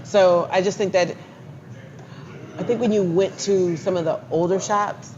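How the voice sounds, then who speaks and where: A man's voice: high-pitched, fairly even intonation, a little slow, dull audio, a crowd in the background. A man co-hosting a casual talk show, chatty and agreeable, often trailing off mid-sentence. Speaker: co-host. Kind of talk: casual chat. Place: bar lounge.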